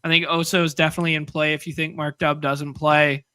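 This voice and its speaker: A man's voice: on the high side, little pitch movement, fast, pushed and bright, clean tone, no echo. A man co-hosting a podcast, casually chatting through fantasy sports picks and thinking aloud. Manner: rambling, restarts while thinking aloud. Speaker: podcast co-host.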